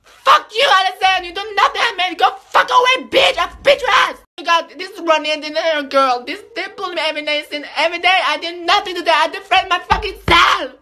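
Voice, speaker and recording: High, bright young woman ranting. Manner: shouting, cursing, fast and heated. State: crying. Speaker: social media personality. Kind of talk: emotional rant to followers.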